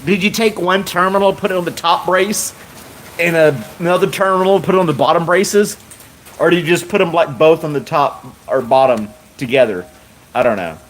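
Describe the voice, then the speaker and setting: A man's voice: on the high side, moderate pace, a little hiss or hum. A man hosting a livestream, chatting casually and reading viewer comments while laughing hard and often. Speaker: livestream host.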